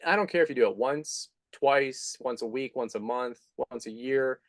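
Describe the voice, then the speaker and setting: A middle-aged man, a lawn care business owner, talking candidly as a podcast guest, self-deprecating and animated when he quotes others. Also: mid-range voice, moderate pace, no room sound. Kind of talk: conversational interview storytelling.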